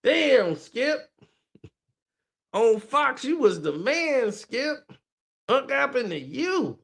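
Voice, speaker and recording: High-voiced, gravelly man mocking loudly. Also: very animated, drawn-out words. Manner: mocking, laughs often, swears freely. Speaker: streamer reacting to messages. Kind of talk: casual reaction commentary.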